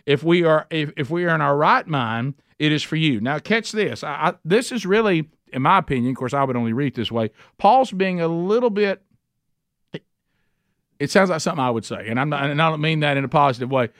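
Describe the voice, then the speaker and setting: A man's voice: a little high, lively intonation, brisk, fairly bright tone, no room sound, clean studio sound. A man teaching a men's Bible study, emphatic and conversational, often restarting his sentences.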